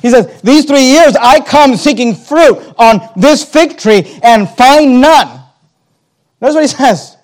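A man preaching a sermon, emphatic, slowing down on key words, repeating phrases and turning to the congregation with asides. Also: very high voice, animated.

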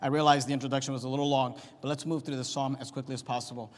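A man preaching a sermon as pastor, emphatic, swinging from quiet to loud. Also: mid-range voice, level tone, rapid-fire. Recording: long hall reverb.

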